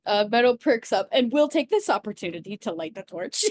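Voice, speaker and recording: A woman playing a tabletop game, giggly and excitable as she describes her character. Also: a little high, fairly quick, dry recording, clean studio sound. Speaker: player.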